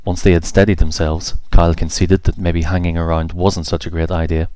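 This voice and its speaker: A man narrating a children's fairy story in a steady, measured reading voice. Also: deep voice, clear, resonant tone, no echo.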